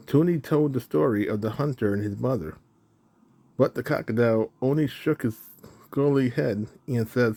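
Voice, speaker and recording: A man reading a children's storybook aloud in a mellow, warm voice. He often stops to fix a slip and then carries on. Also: medium pitch, moderate pace, gravelly. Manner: self-correcting reading with restarts.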